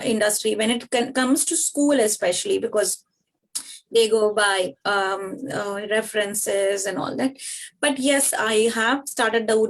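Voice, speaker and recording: A woman who is a yoga teacher answers interview questions earnestly over a video call, pausing often with "uh". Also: mid-range voice, creaky. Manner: earnest and explanatory, with frequent pauses and "uh". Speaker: yoga teacher and studio founder.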